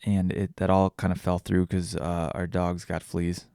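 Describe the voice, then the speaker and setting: A man's voice: low voice, monotone, unhurried, creaky, dark tone, clear, resonant tone, no room sound, studio quality. A man hosting a casual solo podcast, rambling and self-deprecating with crude jokes. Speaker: podcast host.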